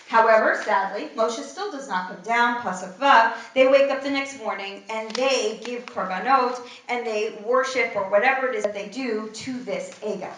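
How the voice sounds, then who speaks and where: A woman teaching a text study class in an animated way, putting rhetorical questions to the class in a classroom. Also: fairly high pitch, normal speed, few pauses. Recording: echoey room, voice from far off.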